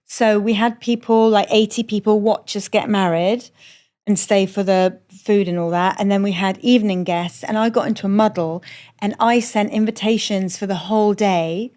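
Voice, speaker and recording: This podcast guest, a middle-aged comedian from Iran, speaks in a mid-range voice with fairly even intonation, a moderate pace and a darkish tone. Aboard a moored boat, she tells frank, self-mocking stories in a candid chat, cursing freely.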